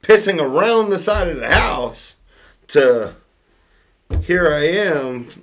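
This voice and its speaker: A man's voice: a little high, lively intonation, slow pace, a bit bright. A Southern US man telling a story in casual chat, rambling and profane, with laughter breaking in.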